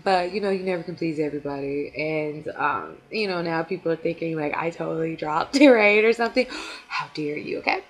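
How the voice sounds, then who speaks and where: A young woman vlogging casually to camera as a fan blogger, chatty and full of fillers, with quick laughs. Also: sits low.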